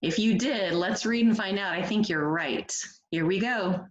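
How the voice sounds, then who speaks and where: During a picture-book read-aloud for first graders, a woman asks the children encouraging questions and reads expressively. Her medium-pitched voice keeps a measured pace, and the audio is dull.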